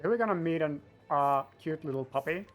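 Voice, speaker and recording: A man's voice: on the high side, brisk, soft background music. A man giving playful, joking speedrun commentary. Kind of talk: casual commentary.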